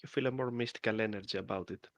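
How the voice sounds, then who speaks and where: A man narrating as game master of a tabletop game, pausing often with uhs. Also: fairly low pitch, steady tone, no echo. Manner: hesitant, many uhs.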